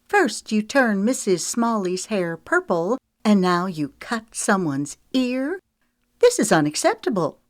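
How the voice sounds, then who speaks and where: A woman's voice: mid-range voice, a little slow, pitched above the performer's own voice, natural voice. A woman voicing a haughty, jealous young woman who scolds sharply and turns petulant. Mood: indignant.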